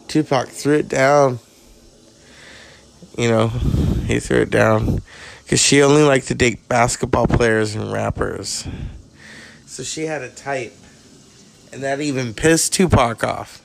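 A man's voice: medium pitch, fairly even intonation, measured pace, gravelly. A man hosting a podcast, delivering a crude, sardonic comic monologue. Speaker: podcast host.

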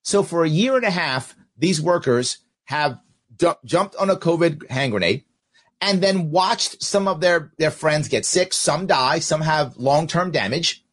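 A man's voice: fairly high pitch, unhurried. A man hosting his own political podcast, talking straight to his viewers in casual commentary and reading out their comments. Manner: animated, talks straight to viewers, reads out comments. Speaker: podcast host.

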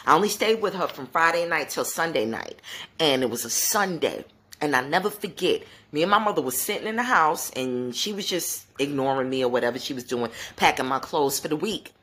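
Woman, 40s, low-pitched podcast host, gossipy animated storyteller. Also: fairly quick. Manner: animated, gossipy, talks straight to her listeners. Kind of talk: casual solo podcast storytelling.

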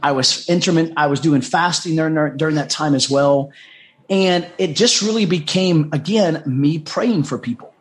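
A man's voice: a little high, normal speed. A middle-aged man from the United States, a guest on a podcast, telling a personal story in an earnest, heartfelt way and often repeating himself. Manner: heartfelt, repetitive, acts out quoted dialogue. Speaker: podcast guest, life coach.

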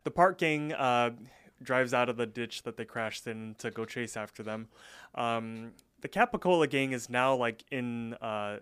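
A young man co-hosting a podcast, casually recapping a cartoon episode with lots of fillers and quick acted-out quotes. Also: mid-range voice, a bit bright, clear, resonant tone, no room sound. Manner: chatty, many fillers, acts out quotes. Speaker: podcast co-host.

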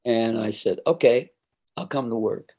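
Older male storyteller, unhurried delivery, animated, acts out the other voices, laughs often. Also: medium pitch. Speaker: interviewee recalling his career. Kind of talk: casual storytelling.

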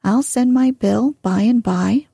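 Lady reading as a fast-talking eager teen boy from a storybook, soft husky voice, dry sound. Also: a little high, no room sound, heavily acted. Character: warm eager teenage boy, quick and teasing.

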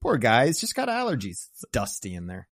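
A man's voice: mid-range voice, huge pitch swings, fairly quick, fairly bright tone, breathy edge, no echo, studio quality. A man on a podcast as a guest, chatting about a film in a jokey way and laughing often. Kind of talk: casual film chat.

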